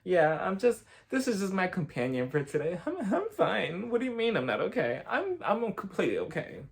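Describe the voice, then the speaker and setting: A man's voice: high voice, wildly swooping pitch, normal speed, vocal fry, full character voice. A man voicing an evasive, glamorous woman who falters and over-reassures while covering for her husband. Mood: brittle denial. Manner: hesitant, airy, falsely reassuring.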